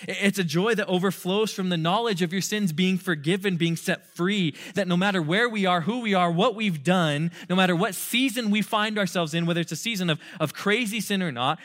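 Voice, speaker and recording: Young male youth pastor, higher voice, urgent and conversational with playful asides. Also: fairly bright tone. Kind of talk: sermon.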